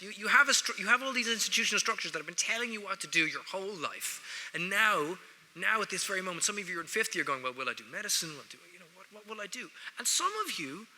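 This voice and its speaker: Irish man, ceremony speech, wry humor, slightly high voice, echoey hall. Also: sharp tone. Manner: wry, joking, addresses the audience directly. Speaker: guest speaker at a student award ceremony.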